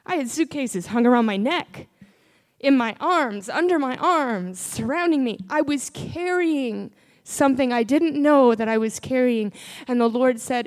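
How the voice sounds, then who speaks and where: A woman's voice: high-pitched, expressive, measured pace. A woman preaching a sermon and testifying about her own faith, earnest and building to fervent prayer.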